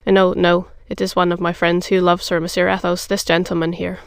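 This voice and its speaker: A bold young cavalier, charming and quick to give orders, read by an audiobook narrator. The delivery stays flat and even, with a gravelly grain over a smooth, clear tone. The sound is dry and close to the mic. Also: male voice, sits high, no echo. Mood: brisk. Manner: brisk and commanding.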